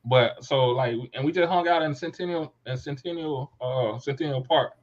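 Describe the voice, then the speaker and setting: Man, casual podcast storytelling, mid pitch, muffled lo-fi audio. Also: moderate pace. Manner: animated storyteller, acts out quoted voices. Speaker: podcast host.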